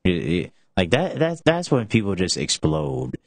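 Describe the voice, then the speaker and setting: A man's voice: low voice, huge pitch swings, measured pace, no room sound. A young man hosting a casual talk show, rambling with many restarts and filler words. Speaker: show host.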